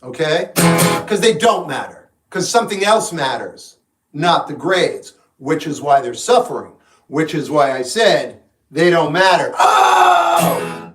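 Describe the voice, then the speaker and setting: A man hosting a livestream, answering chat questions in a relaxed, frank, musing way. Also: on the high side, unhurried. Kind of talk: casual live chat. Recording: echoey room, mic at a distance. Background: guitar music in the background.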